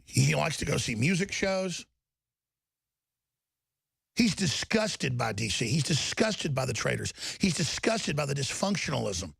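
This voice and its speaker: A man's voice: on the high side, big pitch swings, a little slow, gravelly, fairly bright tone, husky, no echo. A man hosting a talk show, delivering heated, emphatic political commentary and repeating words as he gets riled up.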